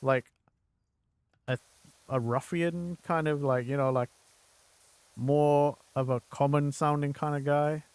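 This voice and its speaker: A man streaming a game and chatting in a slow, unhurried drawl, rambling with plenty of fillers. His voice sits at a middle pitch, dry and close to the mic. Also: fairly even intonation, a little mellow, clean tone, no echo. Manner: rambling, full of fillers, slips into mock accents. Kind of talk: casual chat while gaming.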